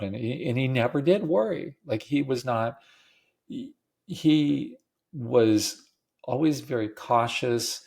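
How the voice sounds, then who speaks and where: A man's voice: medium pitch, expressive, takes it slowly, gravelly, a little mellow, husky. A middle-aged man hosting a podcast, telling a personal story in a rambling, casual way with many fillers and restarts. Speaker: podcast host.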